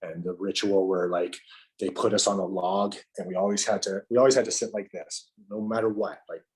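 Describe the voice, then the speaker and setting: A middle-aged man, a podcast guest, tells an emotional personal story in a halting way, restarting and repeating words with many fillers. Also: low voice, steady tone.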